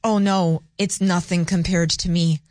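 A woman's voice: fairly low pitch, fairly even intonation, unhurried, a little mellow, no echo. A woman who is the guest co-host on a talk radio show, speaking in a blunt, emphatic, opinionated way in casual chat. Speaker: co-host, host's wife. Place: radio studio. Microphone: studio microphone.

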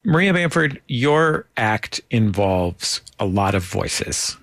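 A man's voice: fairly low pitch, big pitch swings, slow, a bit bright, dry recording, studio quality. A man hosting an interview, asking questions and making wry jokes. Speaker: interview host. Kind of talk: casual interview chat.

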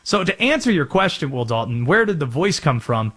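Chatty, lively sports radio host. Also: male voice, a little high, a little fast, husky. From North Carolina, US. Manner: chatty, explanatory, self-aware.

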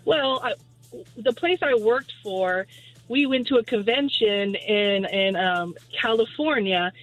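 A woman's voice: medium pitch, animated, slow pace, fairly bright tone, faint music behind, poor audio. A woman calling in to a radio show, telling a story in a giggly, rambling way. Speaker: caller. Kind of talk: telling a funny story on air.

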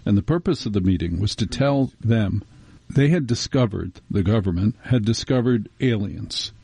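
A man hosts late-night talk radio, his voice mellow and warm. The dry, close studio sound keeps him intimate as he teases out a mystery in a conversational way. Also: fairly low pitch, lively intonation, moderate pace, vocal fry, slightly rough, dry recording. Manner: conversational, teasing, builds intrigue. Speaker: radio host.

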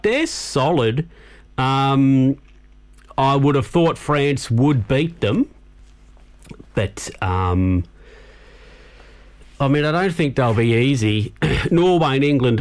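A tired man hosting a radio show, yawning now and then. He rambles in a loose, unscripted way between songs, filling his talk with ums and you-knows. His voice sits at a middle pitch for a man. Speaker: radio host. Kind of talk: casual chat between songs.

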